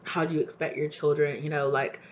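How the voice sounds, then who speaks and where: Young adult woman, tarot reader, passionate rant, swears, casual vlog, slightly low voice. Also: level tone, a little fast, dull audio, slight background noise. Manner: passionate, heated ranting with swearing.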